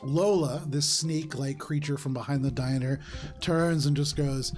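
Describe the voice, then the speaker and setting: A man's voice: fairly high pitch, fairly even intonation, normal speed, darkish tone, faint music behind. A man narrating a tabletop game as game master, describing scenes casually with plenty of "like" and "uh". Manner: casual, descriptive, with frequent fillers.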